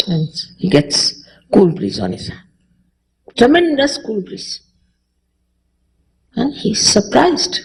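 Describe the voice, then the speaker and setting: A woman's voice: medium pitch, huge pitch swings, takes it slowly, gravelly, long pauses, low-quality recording. A woman from India with an Indian accent, speaking as a spiritual teacher in a public lecture, conversational and repeating short phrases for emphasis.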